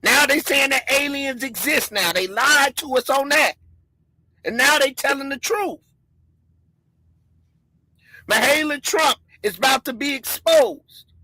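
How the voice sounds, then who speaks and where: Loud excitable woman ranting. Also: sits high, measured pace, pauses often, no room sound, low-quality recording. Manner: emphatic, preachy. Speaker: commentary streamer. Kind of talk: conspiracy commentary monologue.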